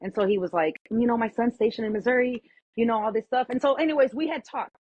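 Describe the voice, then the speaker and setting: Woman guest, husky and fairly high, animated storyteller; dry, dull podcast sound. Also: fast talker, no echo. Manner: animated, acts out quoted voices, lots of "like". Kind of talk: casual storytelling chat.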